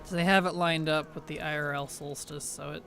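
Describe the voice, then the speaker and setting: A man's voice: fairly high pitch, steady tone, fairly quick, creaky, bright, forceful tone, soft background music. A man streaming a video game, chatting casually in an offhand, mumbly way and letting his sentences trail off. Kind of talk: casual gaming chat.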